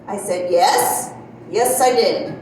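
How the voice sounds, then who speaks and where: A woman's voice: medium pitch, takes it slowly, darkish tone, a little hiss or hum. A woman in her fifties doing a stand-up comedy set on a club stage, telling self-deprecating stories, acting out quotes and laughing as she goes. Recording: very echoey club audio from far off.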